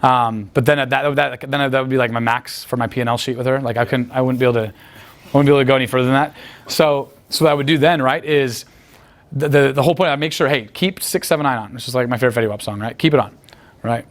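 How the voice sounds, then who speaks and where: Fast-talking crude, boastful man. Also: medium pitch, fairly even intonation. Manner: crude, profane, rambling storytelling. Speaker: guest talking about picking up women. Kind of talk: casual interview talk.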